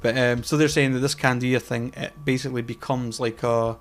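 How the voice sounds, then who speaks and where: A man in easy podcast conversation, his voice sitting at an ordinary middle pitch. He rambles, hunts for words, swears casually and lets phrases drift off quietly. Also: flat delivery, brisk. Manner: trails off quietly mid-sentence. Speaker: podcast co-host. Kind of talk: casual chat.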